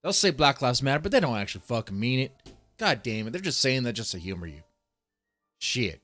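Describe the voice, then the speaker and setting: A man's voice: medium pitch, big pitch swings, a little fast, a bit bright, faint music behind. A man reacting to a video on a live stream, greeting chatters and ranting with heavy swearing. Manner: profane, ranting, mocking. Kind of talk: casual live-stream commentary.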